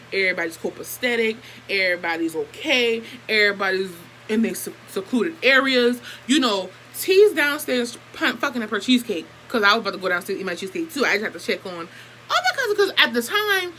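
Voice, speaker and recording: A young woman vlogger telling a story casually to camera, animated and expressive, acting out what others said, with swearing. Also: mid-range voice, a little fast, a little hiss or hum, poor audio.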